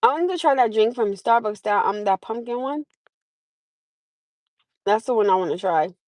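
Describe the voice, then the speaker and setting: A woman's voice: a little high, lively intonation, normal speed, darkish tone, no echo, poor audio. A tired woman hosting a casual livestream, chatting bluntly and swearing freely. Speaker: livestream host. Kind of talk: casual chat.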